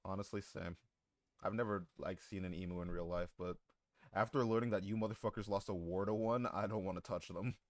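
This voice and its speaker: A man's voice: low-pitched, fairly even intonation, a little fast, no room sound, clean studio sound. A man live-streaming who chats casually with his viewers, joking, swearing and laughing often.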